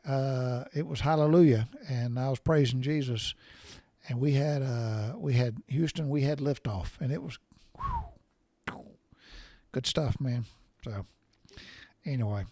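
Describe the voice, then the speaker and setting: A man's voice: fairly high pitch, dry recording, studio quality. A middle-aged man hosting a podcast, telling a story about himself in a casual, folksy, salty way and laughing at his own expense. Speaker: podcast host.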